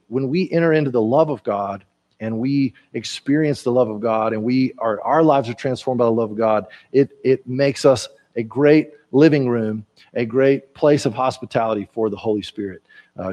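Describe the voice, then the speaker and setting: A man's voice: medium pitch, darkish tone. A man preaching a conversational sermon in a folksy way, repeating words and using lots of fillers. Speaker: pastor. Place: church sanctuary.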